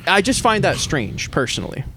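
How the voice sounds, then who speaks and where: A man's voice: high voice, very animated, normal speed, sharp tone, a little hiss or hum. A young man in his twenties hosting a casual podcast, blunt and opinionated, swearing casually. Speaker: podcast host.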